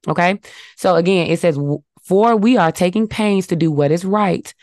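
A woman with a lower voice co-hosts a faith podcast on a dry, close mic. She reads scripture aloud and teaches in numbered points, affirming her co-host along the way. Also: normal speed, darkish tone, no echo. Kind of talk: casual faith talk with scripture.

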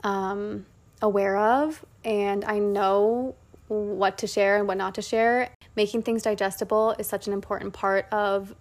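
A woman's voice: mid-range voice, steady tone, a little slow. A woman hosting a podcast in casual chat, talking earnestly and reflectively about friendship. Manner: earnest and reflective, then giggly. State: voice strained at the end. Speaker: podcast host. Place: in a bed at home.

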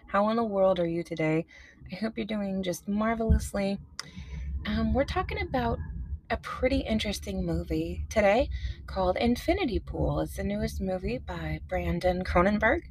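A woman's voice: mid-range voice, lively intonation, normal speed, a little mellow, husky. Chatty woman hosting a movie podcast. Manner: chatty, self-aware, laughs easily. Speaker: podcast host. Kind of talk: casual movie review podcast.

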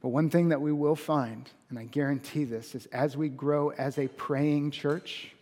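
A man's voice: on the high side, fairly even intonation, a little mellow. Earnest preacher man in a reverberant hall. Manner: earnest, builds to emphatic peaks, slows on key phrases. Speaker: pastor. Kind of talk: sermon.

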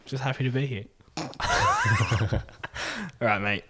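A man's voice: medium pitch, very animated, slow pace, fairly bright tone, a little hiss or hum. A young man from Newcastle, Australia, with an Australian accent, co-hosting a casual sports podcast in a jokey, bantering way. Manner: jokey, bantering, says mate a lot. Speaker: podcast co-host.

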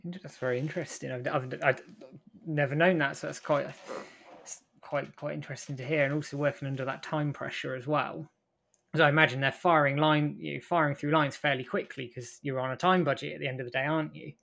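A man's voice: fairly high pitch, steady tone, a little fast, gravelly, fairly bright tone. A man interviewing a guest, reacting with curiosity and asking eager follow-up questions. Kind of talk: casual interview.

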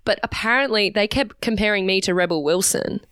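A young Australian woman with a broad Australian accent, a podcast guest who tells animated stories and laughs often. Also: mid-range voice, brisk, smooth, dry recording, clean studio sound. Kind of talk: casual interview chat.

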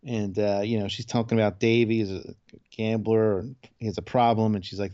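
A man co-hosting a podcast, casually retelling a TV episode in a loose, laid-back way and tossing in quick character voices. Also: lowish voice, flat delivery, warm tone, dull audio. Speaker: podcast co-host. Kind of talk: casual chat recapping a TV episode.

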